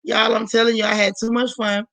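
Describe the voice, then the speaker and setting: A woman hosts a live stream with a hoarse, gravelly voice. She chats casually and greets viewer after viewer by name. The sound is dry, with no room echo. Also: fairly high pitch, level tone, fairly quick, fairly bright tone. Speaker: livestream host.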